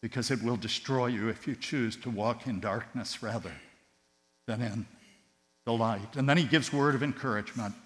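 A man preaching a sermon with passion, his voice surging loud on key words and then dropping to a hush. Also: mid-range voice, moderate pace. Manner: impassioned, swinging between loud emphatic rises and hushed tender drops. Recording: long hall reverb with mains hum.

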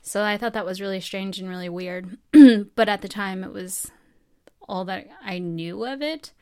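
A woman's voice: mid-range voice, normal speed, warm tone, smooth. A young woman from New Mexico, a medical student, casually telling her own story in a rambling way, laughing often and acting out what people said.

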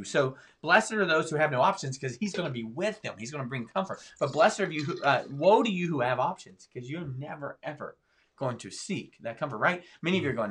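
A man's voice: on the high side, lively intonation, brisk, a bit bright, husky. A man talking as a pastor in a podcast discussion, preaching with emphatic swings in his voice. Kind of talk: sermon-style podcast discussion.

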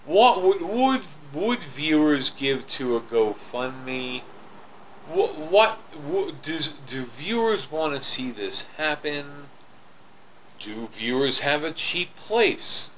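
A man co-hosting a casual chat, speaking slowly with stammered restarts. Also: a little high, sing-song, a bit bright, slight background noise. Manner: slow, drawn-out, with stammered restarts. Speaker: co-host.

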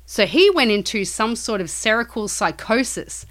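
A woman's voice: a little high, lively intonation, normal speed, fairly bright tone. A woman co-hosting a podcast, casually retelling a strange story with lots of swearing and acted-out quotes. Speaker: podcast co-host.

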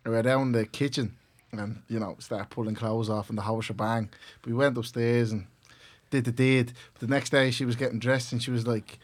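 A man's voice: mid-range voice, normal speed. An Irish man recounts a story at an easy pace in a mid-range voice. His talk is loose and chatty and full of filler words. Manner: relaxed storyteller, uses lots of "like". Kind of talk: casual chat.

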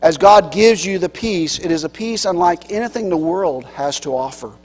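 Earnest man preaching in an echoing hall. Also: normal speed. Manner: earnest, swinging between loud emphasis and soft lows. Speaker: pastor. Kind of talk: sermon. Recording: long hall reverb with mains hum.

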